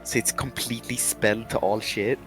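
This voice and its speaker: A man's voice: medium pitch, fairly even intonation, fairly quick, fairly bright tone, soft background music. A man with a Swedish accent chatting bluntly on a game stream, swearing freely. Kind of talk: casual live-stream chat.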